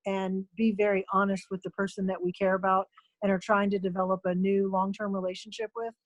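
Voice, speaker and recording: Woman talk-show guest, mid-pitched, reflective and earnest, dry close recording. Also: level tone, a little fast, no echo, rough recording. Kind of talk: casual talk show chat.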